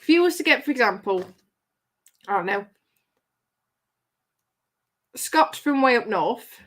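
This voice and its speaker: A woman with a somewhat high voice chats away as she hosts a casual live stream. She reads out viewers' comments in a giggly, friendly, rambling way. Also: lively intonation, moderate pace, fairly bright tone. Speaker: livestream host reading chat.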